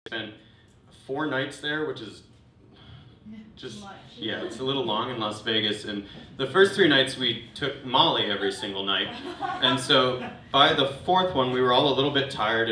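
A man's voice: medium pitch, normal speed, bright, forceful tone. A man doing stand-up, casually telling a drunken story with plenty of swearing. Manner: casual, rambling, swears freely. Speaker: comedian and host. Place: small venue with live audience. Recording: echoey room from far off, faint noise.

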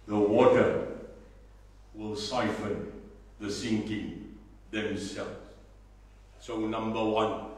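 A man with a South African accent giving a rousing political speech, emphatic, swinging from low asides to shouting. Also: slight background noise. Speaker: political party leader. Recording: echoey hall, mic far off.

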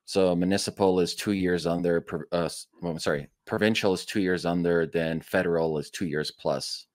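A man hosting an interview, explaining something in a halting way and correcting himself as he goes. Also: sits low, fairly even intonation, no room sound, studio quality. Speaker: host. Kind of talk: interview conversation.

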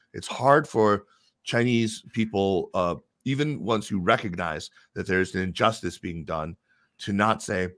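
A man being interviewed, explaining his points in a measured, thoughtful way with pauses and restarts. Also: lowish voice, fairly bright tone, no room sound, clean studio sound. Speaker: interview guest. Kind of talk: casual conversational interview.

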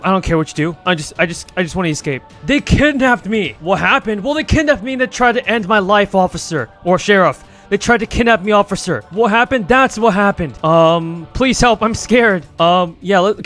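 A man with a high, boyish voice gives excitable commentary as he plays through a role-play game. He is dramatic and talks straight to his viewers. Faint music plays under his voice. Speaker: gaming YouTuber.

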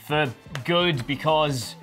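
A man with a slightly high voice hosts wrestling news in a chatty, joking way, often laughing. Faint music plays underneath. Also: takes it slowly, a bit bright. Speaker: news show co-host. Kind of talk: casual chat.

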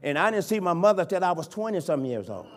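A man, a bishop, preaching a sermon in a church, swinging from hushed pleading to loud, impassioned cries. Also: high voice, big pitch swings, fast, soft background music. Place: church sanctuary.

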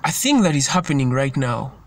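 A man delivers an informal sermon in an earnest voice of middling pitch. He circles back on his points and stumbles over words as he goes. Faint vehicle noise hums in the background. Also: sing-song, fairly quick. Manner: earnest, repetitive, stumbles and restarts. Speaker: preacher.

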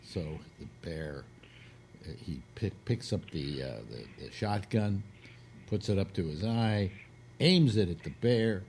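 A man with a low voice tells a rambling joke on a casual talk show. He swings his pitch widely as he acts out quotes. Faint noise sits behind him. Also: unhurried. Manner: animated joke-telling with acted quotes, crude. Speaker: host telling a joke. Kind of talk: casual radio chat, storytelling.

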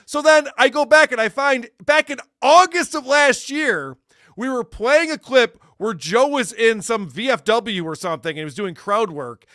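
A man's voice: very high-pitched, expressive, moderate pace, bright, forceful tone, no room sound, clean studio sound. A man talking as a podcast guest in casual chat, ranting with sarcasm and swearing.

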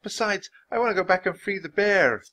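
A man reading a storybook aloud, voicing an eager, softhearted little girl in a raised, pleading voice. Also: a little fast. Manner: high, pleading, insistent.

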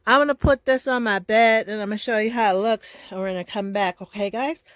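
A woman filming a casual storytime vlog at home on a phone camera, gushing and excited and repeating her exclamations. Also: medium pitch, brisk, no room sound. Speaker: vlogger. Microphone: phone camera held in one hand.

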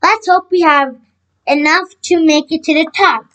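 A cheerful, encouraging schoolteacher from a children's book, put on by a woman reading aloud. Her voice sits high and lifts brightly when she praises the class, with the odd slip and restart. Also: normal speed. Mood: upbeat. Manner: reads with slips and restarts.

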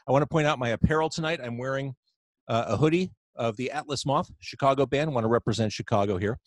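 A man's voice: medium pitch, quick pace, no room sound. A man hosting a casual live video-chat podcast, upbeat and teasing his guest. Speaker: podcast host. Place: home, indoors. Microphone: video call.

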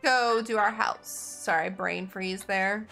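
Bright-voiced woman chatting through gameplay. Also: mid-range voice, slow pace, vocal fry, soft background music. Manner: chatty, thinks aloud while playing. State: has the hiccups. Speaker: gaming channel host. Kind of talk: casual gameplay commentary.

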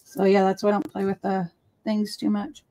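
A woman hosting a casual crafting livestream, chatting in a rambling, chatty way with quick asides. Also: mid-range voice, monotone, warm tone, faint music behind. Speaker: livestream host. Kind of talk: casual chat while crafting.

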